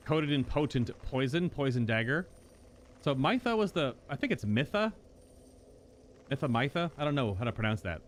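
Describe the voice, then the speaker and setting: Excitable man commenting on gameplay. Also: mid-range voice, a little hiss or hum. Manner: thinks aloud, bursts into exclamations. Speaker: gaming host.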